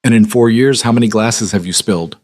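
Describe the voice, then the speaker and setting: A man voicing a cold, commanding crime boss who speaks in calm, clipped lines. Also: lowish voice, a little fast, no room sound, clean studio sound, close to an everyday voice. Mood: cool menace.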